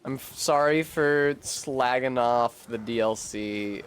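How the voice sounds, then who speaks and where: A man with a New England accent streaming a game, joking sarcastically, swearing and sometimes shouting in frustration. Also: mid-range voice, slow pace, a little hiss or hum. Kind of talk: casual gameplay commentary.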